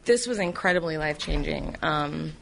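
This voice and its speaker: Brief: emotional woman guest, fry-laden voice, on the edge of tears. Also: low voice, animated, moderate pace, fairly bright tone, slight background noise, low-quality recording. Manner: grateful, earnest, holding back tears. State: near tears. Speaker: radio guest. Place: radio studio.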